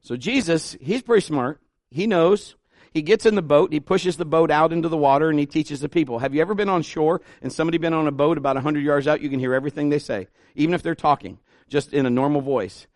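A man's voice: a little high, quick pace, darkish tone, no room sound, clean studio sound. A man preaching a sermon as pastor in a folksy, conversational way, his voice now and then rising into emphatic bursts.

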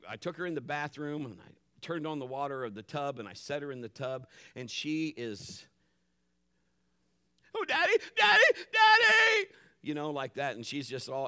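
A middle-aged man preaching a sermon as pastor, animated, acting out his family's voices and dropping to a hush for calm moments. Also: medium pitch. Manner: drops to a hushed voice for calm moments.

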